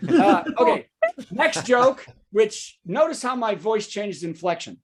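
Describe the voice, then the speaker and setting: A man's voice: sits high, sing-song, a little slow, over a noisy crowd. Guy doing a news comedy monologue. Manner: joking asides, checks in with the audience. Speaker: stand-up comedian hosting a virtual show. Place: home setup for a virtual show.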